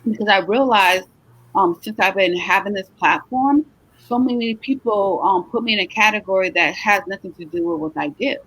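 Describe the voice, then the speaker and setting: A woman's voice: medium pitch, slightly rough, no room sound. A middle-aged woman hosting a casual live chat, talking in a chatty, encouraging way and sounding tired. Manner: chatty, animated, encouraging, drawn-out emphatic words. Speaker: host, travel agency owner.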